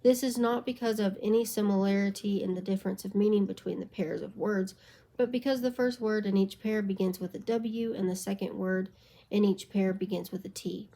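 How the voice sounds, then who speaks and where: A woman's voice: mid-range voice, fairly quick, rough recording. Tired woman reading a textbook aloud. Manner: steady reading with occasional stumbles and self-corrections. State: sleep-deprived late at night. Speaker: reader of a book aloud.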